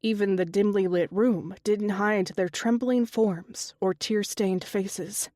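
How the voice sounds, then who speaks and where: Woman, audiobook narrator, mid pitch, steady storytelling, dry close sound. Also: takes it slowly, dry recording. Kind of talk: scripted narration.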